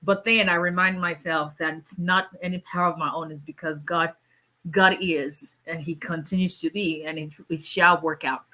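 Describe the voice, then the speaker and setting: A woman chats on a casual livestream, worn out but talkative, calling out viewers by name. Her voice sits fairly low yet sounds bright and forceful. She laughs often between her remarks. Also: fairly even intonation, normal speed. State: tired. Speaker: immigration lawyer.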